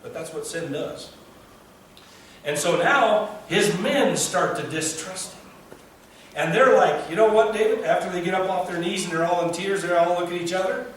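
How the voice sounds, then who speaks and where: Male pastor, high-pitched, animated sermon delivery, distant mic in a very echoey hall. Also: moderate pace, slight background noise. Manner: animated, acts out biblical voices with rising pitch. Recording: echoey distant room recording.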